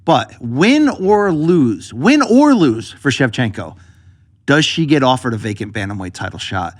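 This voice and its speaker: A man's voice: mid-range voice, a little slow. A man hosting a casual sports podcast, steering the talk with jokes between fight picks. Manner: animated, joking, steers the segments. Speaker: podcast host.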